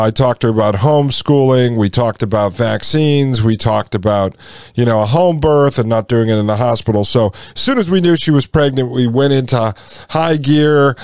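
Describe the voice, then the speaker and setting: Smooth-voiced man in his forties telling a story. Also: mid-range voice, a little mellow, no room sound, clean studio sound. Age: 40s. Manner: conversational, addresses listeners as folks. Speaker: podcast host. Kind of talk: personal storytelling monologue.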